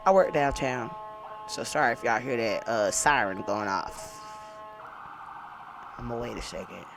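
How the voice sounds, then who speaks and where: Woman host, low raspy voice, animated testimony storytelling. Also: moderate pace, pauses often, music in the background. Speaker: podcast host. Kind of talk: personal faith testimony. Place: downtown, indoors.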